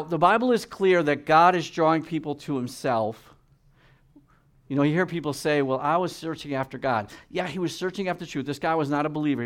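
A man preaching a sermon, reading scripture and swinging between loud emphatic peaks and quiet, low asides.

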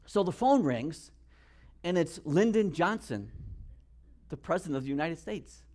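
A man preaching a sermon as pastor, telling stories earnestly with restarts and dropping to a hushed tone for serious points. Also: a little high, expressive, a little slow. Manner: earnest storytelling with many restarts.

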